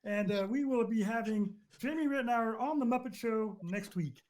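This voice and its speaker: A man's voice: very high-pitched, normal speed, darkish tone, pitched above the performer's own voice. A man doing a nasal, cheerful frog puppet.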